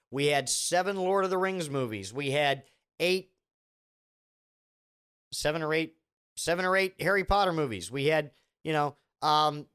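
A man's voice: fairly high pitch, fairly bright tone, clean tone. A man delivering a rambling, sarcastic comedic rant, full of restarts and asides.

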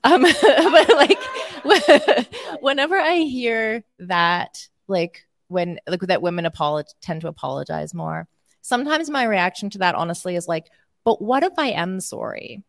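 A Canadian woman in her forties with a Canadian accent, chatting as an interview guest, animated, laughing often and filling with "like" and "um". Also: medium pitch, unhurried, no room sound, studio quality. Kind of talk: casual interview chat.

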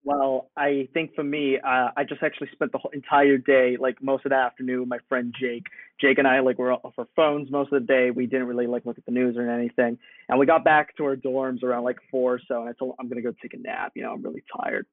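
A man's voice: mid-range voice, little pitch movement, a little fast, dry recording. Young man on a tinny line. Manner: laughing, slangy. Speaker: guest. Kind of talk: casual chat.

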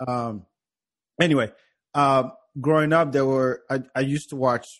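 A man's voice: mid-range voice, steady tone, a little slow. French guy hosting a podcast, rambles and restarts a lot, accented english. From France. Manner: rambling, many restarts and repeated words. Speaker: podcast host. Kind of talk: casual chat.

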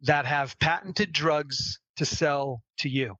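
A man's voice: on the high side, takes it slowly, sharp tone, no room sound, lo-fi sound. A man speaking as a health strategist guest on a podcast, emphatic and persuasive. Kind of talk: podcast interview talk.

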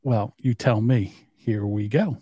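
A man with a South Jersey accent, co-hosting a casual podcast chat, halting and stumbling over words. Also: fairly low pitch, dark tone, breathy edge, no echo, studio quality. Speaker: podcast co-host.

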